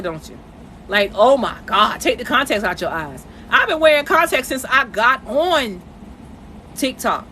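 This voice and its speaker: Bright-voiced woman on a phone live stream. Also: fairly high pitch, very animated, unhurried, a little hiss or hum. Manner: emotional, conversational, addresses viewers directly. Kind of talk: casual live-stream monologue. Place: at home, in bed.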